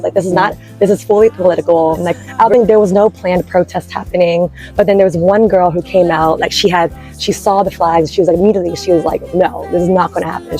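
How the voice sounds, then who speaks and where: A young woman student speaks in a lowish voice, earnest and loose, her sentences packed with fillers. Soft music plays faintly beneath her. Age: young adult. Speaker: student interviewee. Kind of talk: casual interview talk.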